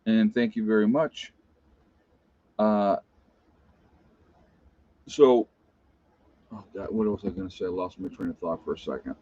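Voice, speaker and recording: A man's voice: lowish voice, measured pace, long pauses, warm tone, no echo. A middle-aged man with an Appalachian American accent, hosting a casual live stream, rambling, losing his train of thought and reading chat aloud. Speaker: livestream host. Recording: dull, slightly lo-fi dry sound.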